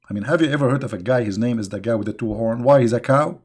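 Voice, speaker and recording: A man's voice: medium pitch, animated, quick pace, hardly any pauses, darkish tone, husky. A man hosting an online religious debate who mocks, laughs at his own jokes and keeps throwing rhetorical questions at his listeners, speaking with non-native grammar. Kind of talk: sarcastic religious debate talk.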